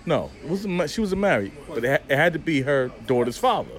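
Animated man telling a story. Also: on the high side, fast talker. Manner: animated, profane, acts out dialogue. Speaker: podcast guest. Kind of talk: casual storytelling.

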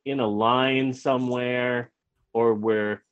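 Speaking slowly and smoothly at a medium pitch, this podcast host rambles through a lengthy personal anecdote, restarting now and then and performing the quoted lines with animation. The recording has no echo, and the high frequencies are cut off.

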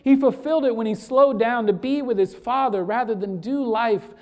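A woman preaching a sermon and retelling a story to make her point, dropping to a hush for emphasis and then building back up. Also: a little high, moderate pace.

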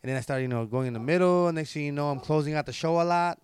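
A man's voice: fairly high pitch, quick pace, darkish tone, clear, resonant tone. A man, a comedian telling rambling stories in casual chat. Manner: rambling, laid-back, lots of fillers. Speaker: stand-up comedian, podcast host.

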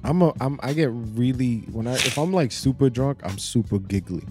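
A man in his twenties co-hosting a podcast, telling stories in an animated way and laughing often. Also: medium pitch, normal speed, music in the background. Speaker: podcast co-host. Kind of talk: casual banter.

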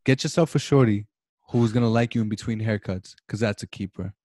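A man's voice: on the low side, brisk, dark tone, no room sound, studio quality. A young man, a podcast co-host, on a video call, ranting with mock passion and a lot of swearing. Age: young adult. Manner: dramatic mock-passionate rants, heavy swearing. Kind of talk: casual chat over video call.

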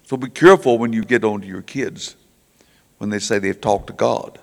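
Older man telling gravelly revival stories. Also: lowish voice, moderate pace. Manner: folksy, stammering, repeats words, acts out quoted voices. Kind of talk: folksy sermon storytelling. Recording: church hall reverb.

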